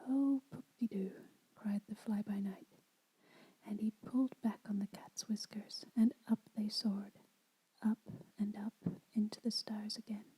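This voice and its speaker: A woman whispering a children's story aloud as an ASMR storyteller, soft and unhurried. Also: medium pitch, flat delivery, slightly rough, poor audio.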